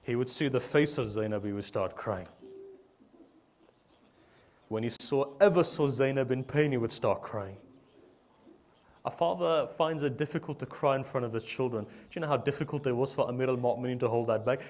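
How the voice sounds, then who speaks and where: A man preaching a mourning sermon in emotional storytelling, rising loud and falling soft. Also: a little fast. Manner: emotional storytelling, swelling loud then dropping low. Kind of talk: majlis sermon.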